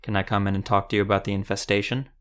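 A man's voice: lowish voice, racing, natural voice. A man doing a terse, blunt witcher. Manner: clipped, flat questioning. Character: grim male witcher monster hunter, terse and blunt.

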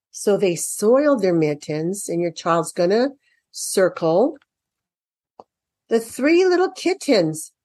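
A woman's voice: a little high, darkish tone, no echo, clean studio sound. A woman walking parents through a children's workbook in a casual explanatory way. She reads passages aloud and asks questions that she then answers herself.

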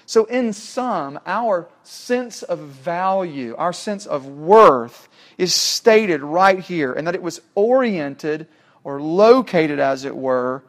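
Preacher, male, somewhat high voice, emphatic sermon with rhetorical questions. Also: lively intonation, slow pace. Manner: emphatic, rhetorical questions, swings from loud to hushed.

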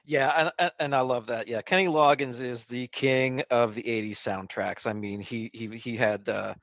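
A man's voice: medium pitch, normal speed, fairly bright tone, no echo. Man on a dull, dry lo-fi recording. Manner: rambling, retells scenes by acting them out. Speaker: podcast co-host. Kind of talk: casual chat about a film.

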